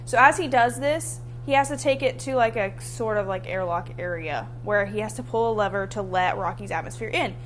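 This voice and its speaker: A woman's voice: medium pitch, fairly quick, few pauses, fairly bright tone, a little hiss or hum. A woman ranting about a book and its film in a casual vlog, emphatic and freely profane. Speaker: book reviewer. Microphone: camera mic.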